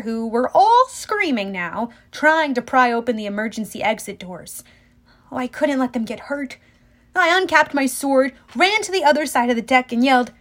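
A woman reading a first-person adventure novel aloud in an expressive, dramatic way. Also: fairly high pitch. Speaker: audiobook reader.

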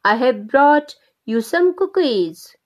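A woman's voice: high-pitched, expressive, takes it slowly. Woman doing a sly wolf faking sweetness. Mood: sweet. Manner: sugary, put-on sweetness. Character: sly male wolf posing as a sweet granny. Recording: slightly dull lo-fi recording.

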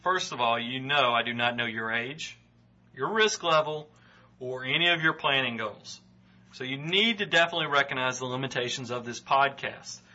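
A man with a Southern US accent, hosting a solo finance podcast in an earnest, encouraging way, with plenty of ums and restarts. His voice is strikingly bright. The recording is a bit dull and lo-fi. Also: mid-range voice, normal speed. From Georgia, US. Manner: earnest, encouraging, with frequent fillers. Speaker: podcast host, financial adviser. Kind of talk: solo podcast, reading listener emails.

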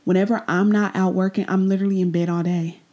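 A woman hosting a personal faith podcast, talking candidly and reflectively, often trailing off into soft, breathy asides. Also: mid-range voice, little pitch movement. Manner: repeats phrases, trails off into pauses. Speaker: podcast host.

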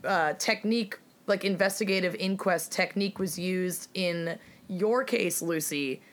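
A woman's voice: on the low side, a little slow. A woman co-hosting a casual podcast chat, telling a true crime story, reading old quotes aloud, with swearing and dry asides.

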